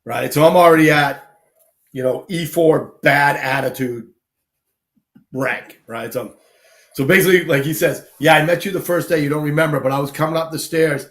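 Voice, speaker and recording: A man, casually telling lively army anecdotes on a live talk show and acting out the people he quotes. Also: fairly high pitch, normal speed. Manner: animated anecdotes, acts out quoted people, laughs often. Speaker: guest storyteller, army veteran.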